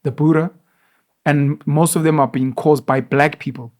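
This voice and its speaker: A man hosts a casual studio conversation, his voice sitting a little higher than most men's. He asks probing questions and now and then reads search results aloud. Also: steady tone, measured pace, darkish tone. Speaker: podcast host.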